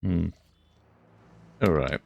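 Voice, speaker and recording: Low-voiced swearing game streamer. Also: male voice, very slow, gravelly, mellow, highs cut off. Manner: muttering, swearing, thinking aloud. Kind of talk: casual gameplay commentary.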